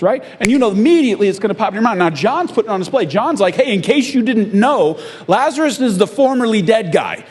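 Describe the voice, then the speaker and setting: A man preaching a sermon in a conversational, storytelling way, often checking in with the congregation and chuckling along the way. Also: a little high. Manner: conversational storytelling, frequent "right?" asides; animated, chuckling at his own lines. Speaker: pastor.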